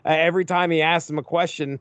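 A man in a casual podcast chat, animated and fond of doing comic voices for characters. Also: on the high side, quick pace, clean tone, no echo. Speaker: podcast panelist. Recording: dry, dull lo-fi mic.

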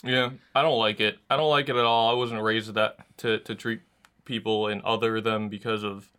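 Bright-voiced young man, halting chat. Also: lowish voice, flat delivery, clear, resonant tone. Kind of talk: casual chat.

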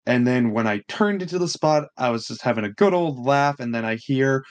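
A man's voice: mid-range voice, brisk. A young man, telling a story on a casual podcast, swearing often and acting out what others said. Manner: animated, swears a lot, acts out quotes. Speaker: podcast co-host.

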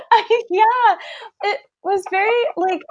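A woman's voice: very high-pitched, expressive, takes it slowly, slight background noise. A young woman with a Canadian accent, co-hosting a casual podcast and laughing often. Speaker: podcast co-host. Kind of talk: casual chat.

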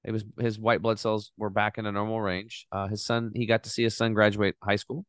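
Animated man, smooth low voice. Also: fairly quick, no echo, studio quality. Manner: animated, swears casually. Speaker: podcast guest. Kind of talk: casual storytelling.

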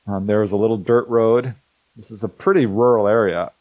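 A middle-aged man, a guest in an interview, telling a personal story in a casual, animated way and acting out the dialogue as he goes. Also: lowish voice, a little fast, no echo, lo-fi sound. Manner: hesitant restarts and fillers.

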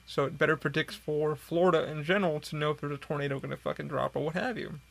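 A man rambles through a podcast from a hot room at home, his voice gravelly with vocal fry. It sits a bit higher than most men's. He talks loosely, swears freely and sounds worn out. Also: fairly even intonation, fast talker, a bit bright. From upstate New York. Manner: profane, rambling, tired and yawning. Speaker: podcast host. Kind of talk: casual rambling monologue.

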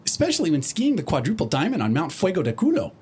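A man voicing a bubbly, excitable female party pony in a storybook reading. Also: a little high, quick pace, slightly rough, pitched above the performer's own voice, exaggerated voice. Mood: chirpy.

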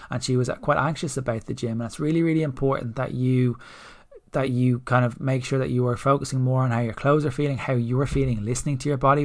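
An earnest young man talks straight to his listeners as a podcast host, circling back on his points with restarts and repeats. His voice sits at an ordinary middle pitch and stays flat and even, with little rise or fall. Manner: earnest, repetitive, many restarts and asides. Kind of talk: solo podcast talk.

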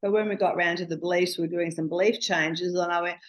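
A woman, a coach telling client stories in a chatty, animated interview. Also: lowish voice, fast, hardly any pauses, poor audio. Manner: chatty, animated storyteller with frequent "you know". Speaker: intimacy coach guest. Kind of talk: casual storytelling interview.

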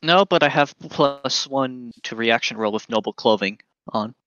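A man's voice: medium pitch, normal speed, a bit bright, clean tone, no room sound, muffled recording. A man playing in a tabletop game, chatting casually and joking. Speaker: player.

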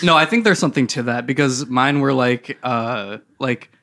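A man co-hosting a podcast in casual chat, teasing his partner with deadpan quips. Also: medium pitch, normal speed. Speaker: podcast co-host. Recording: loud background noise with clicks.

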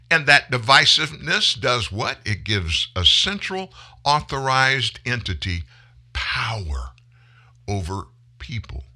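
Addressing his listeners as folks, a man hosting talk radio gives a fervent, emphatic monologue. He swings between loud outbursts and quieter, lower passages.

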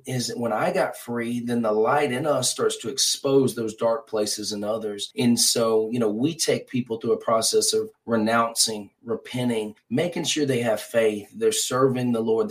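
A man's voice: mid-range voice, rough recording. A man who is a pastor, talking earnestly as a guest in an interview, with a preacher's rhythm and frequent repeated words. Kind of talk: conversational ministry interview.

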